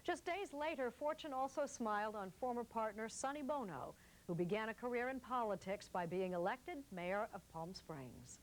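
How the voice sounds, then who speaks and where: A woman's voice: a little high, lively intonation, poor audio. Polished woman news narrator. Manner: measured, polished. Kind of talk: scripted TV narration.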